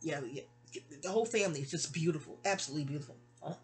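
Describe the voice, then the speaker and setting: A woman's voice: rapid-fire, over music. Woman, fifties, from New York, casual personal story, rambling asides, self-corrections. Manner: acts out remembered dialogue with raised pitch.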